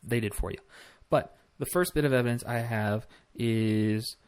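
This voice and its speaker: A man's voice: mid-range voice, a little slow, darkish tone, clear, resonant tone. A man hosting a casual political commentary vlog, talking bluntly with swearing and rambling asides. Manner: blunt, profane, rambling with fillers.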